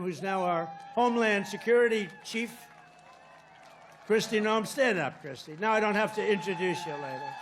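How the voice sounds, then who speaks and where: An older man giving a rambling, boastful rally speech, swinging from loud outbursts to muttered asides. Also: sits high. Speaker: politician addressing a rally.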